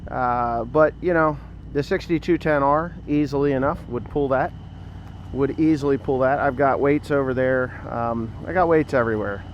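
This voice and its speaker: A man's voice: medium pitch, moderate pace, lo-fi sound, a little hiss or hum. Rambling, dryly sarcastic farmer in his fifties. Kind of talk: casual farm vlog talking to camera. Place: outdoors on a farm among tractors and equipment.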